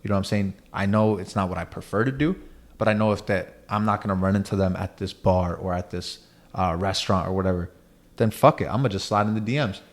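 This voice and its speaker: A man's voice: sits low, fast talker. A young man hosting a podcast, chatting loosely and often asking "you know what I'm saying". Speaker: podcast host. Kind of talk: casual chat.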